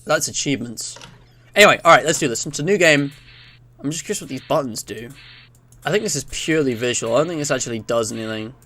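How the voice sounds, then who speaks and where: A man's voice: medium pitch, animated, fast talker, bright, forceful tone. A man giving casual, rambling let's-play commentary, reading on-screen text aloud as he plays. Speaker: gaming YouTuber.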